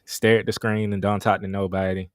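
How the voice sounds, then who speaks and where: A man with a fairly low voice chats as a guest on a live stream. He delivers his jokes flatly and matter-of-factly. His voice is recorded close and dry, with no room echo. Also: fairly quick, smooth. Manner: dry, deadpan joking. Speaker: guest caller on a livestream. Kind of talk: casual chat.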